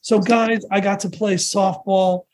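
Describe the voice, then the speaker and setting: A man in his sixties, a podcast guest, telling rambling, animated anecdotes with restarts and quoted voices. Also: sits high, a little slow, noisy background. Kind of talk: casual storytelling interview.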